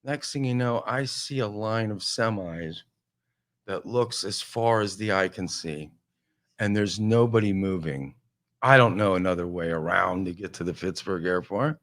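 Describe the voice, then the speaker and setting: A man telling a casual, animated comic story on a talk show, full of exasperation. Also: low-pitched, a little slow.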